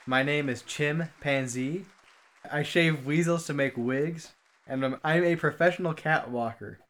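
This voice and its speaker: A man playing a game show contestant, muttering flat, deadpan asides at a low volume. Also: measured pace.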